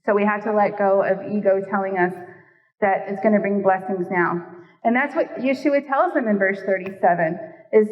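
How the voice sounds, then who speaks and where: A middle-aged woman gives a sermon with a friendly, conversational manner and playful asides to the crowd. Her voice sits at a middle pitch and sounds far from the mic. The hall adds a long, ringing reverb, and the recording is dull. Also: moderate pace. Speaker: Bible teacher.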